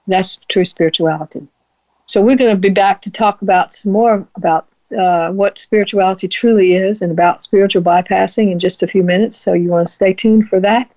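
A woman hosting a spiritual talk radio show, speaking slowly and reflectively, often restarting and repeating words. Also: mid-range voice, a little mellow, rough recording.

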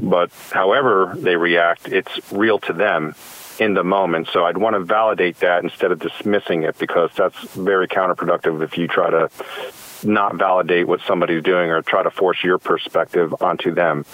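A man's voice: low voice, fairly even intonation, moderate pace, fairly bright tone, rough recording. A man calling in to a coaching show, answering thoughtfully and agreeably with frequent ums. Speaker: caller. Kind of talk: call-in conversation.

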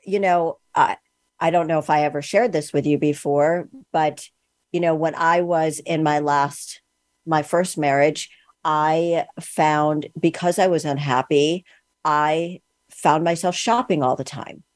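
A woman hosts a podcast interview in a low, deep voice. She asks long, meandering questions full of fillers, and the recording is dry and close. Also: steady tone, unhurried, darkish tone, dry recording. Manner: rambling, filler-heavy questions. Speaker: podcast host. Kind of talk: casual interview talk.

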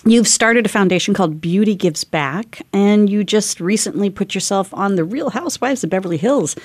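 A woman's voice: medium pitch, animated, moderate pace, no echo. A woman hosting a radio interview, friendly and chatty, full of praise for her guest. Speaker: radio show host.

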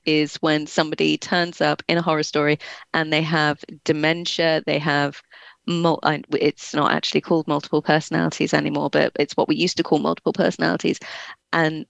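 A woman's voice: sits low, creaky, no room sound. A young English woman with a slight Scottish touch in her accent, a guest author in a casual interview, chatty and laughing between words. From England.

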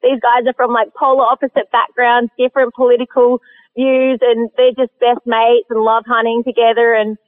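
An Australian woman guest telling a story in a casual, animated way, laughing often, heard over a phone line. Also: fairly high pitch, normal speed. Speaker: guest hunter.

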